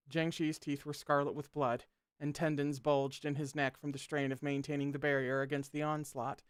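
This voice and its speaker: Smooth-voiced read-along host. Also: medium pitch, normal speed, no room sound, studio quality. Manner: expressive, joking asides between passages. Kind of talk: reading a novel aloud with asides.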